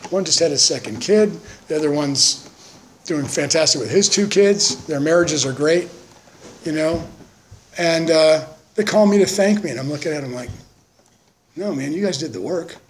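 A man's voice: on the high side, lively intonation, moderate pace, slight background noise, low-quality recording. A man in his fifties giving an earnest personal testimony at a recovery meeting, acting out the voices of the people in his stories. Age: 50s. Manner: earnest storytelling, acts out quoted voices.

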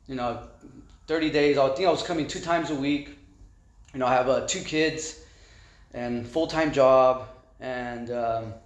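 A man giving personal testimony at a recovery meeting, halting and repeating words with conversational fillers. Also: mid-range voice. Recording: echoey room.

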